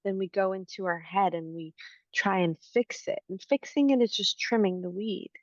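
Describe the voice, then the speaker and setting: A woman coach explaining healing concepts in an interview, calm and teacherly. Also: mid-range voice, normal speed, dry recording, muffled recording. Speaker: inner-child healing coach.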